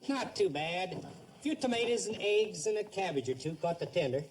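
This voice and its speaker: An actor playing an easygoing train engineer who makes dry, joking remarks. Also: male voice, high-pitched, lively intonation, normal speed, music in the background. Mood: wry joking. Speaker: train crewman.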